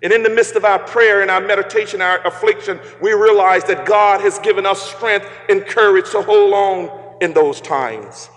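A man's voice: sits high, fairly bright tone. Man preaching in an echoing hall. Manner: preaching with slow emphatic phrasing and rising exclamations. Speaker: pastor. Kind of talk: sermon.

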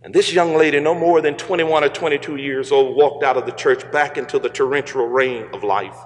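A man's voice: medium pitch, fairly even intonation. Man preaching in an echoing hall. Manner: preaching with slow emphatic phrasing and rising exclamations. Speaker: pastor. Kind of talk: sermon.

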